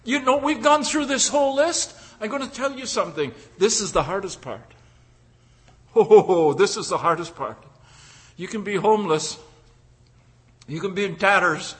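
Male preacher, high bright voice, emphatic sermon delivery that drops to a hush, stumbles and repeats words. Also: normal speed, pauses often, slightly rough. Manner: emphatic, swings from loud declaring to hushed pleading; repeats and restarts words mid-phrase.

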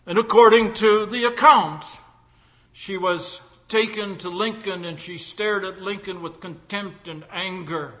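A man preaching a sermon and leading a prayer, fervent, swinging between loud cries and hushed lines. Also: high voice, fairly even intonation, a little slow, big-room sound.

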